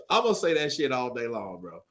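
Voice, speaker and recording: A young man hosting a live stream, giving hyped, animated watch-along commentary and laughing often. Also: mid-range voice, moderate pace.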